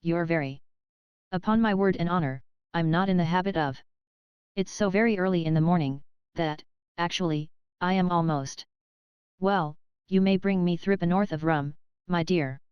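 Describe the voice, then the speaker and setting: A woman reading the part of a pompous, boastful middle-aged male attorney who rambles and clears his throat. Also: fairly low pitch, normal speed, pauses often, dry recording, lo-fi sound, natural voice.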